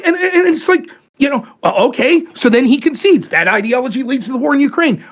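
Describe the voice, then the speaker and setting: A man's voice: extremely high pitch, sing-song, a little fast, hardly any pauses. A man hosting a podcast, talking politics in a casual, profane, argumentative way. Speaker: podcast host.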